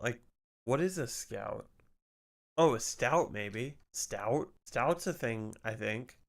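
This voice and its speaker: A young adult man streaming live, chatting casually about work and then reacting loudly while gaming, with frequent swearing. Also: medium pitch, gravelly.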